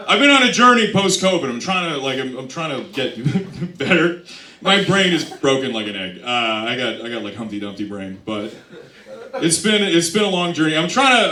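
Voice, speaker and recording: Stand-up comic, young man, lively and bright, self-deprecating and rambling; heard from a distance in an echoey club. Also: fairly high pitch. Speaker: stand-up comedian. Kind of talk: stand-up comedy set. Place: comedy club stage. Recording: roomy club sound from a distance. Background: audience laughter.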